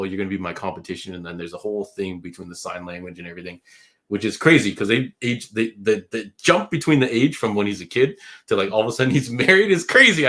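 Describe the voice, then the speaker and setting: A man's voice: lowish voice, fairly bright tone. A man co-hosting a podcast, chatting casually about a movie with lots of restarts and rambling. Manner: rambling, many restarts and fillers. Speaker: podcast co-host.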